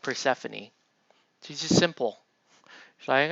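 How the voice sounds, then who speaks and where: A man's voice: medium pitch, animated, measured pace, creaky, long pauses, fairly bright tone, no room sound, muffled recording. A man chatting casually on a live stream while he paints, murmuring half to himself and talking to viewers between brushstrokes.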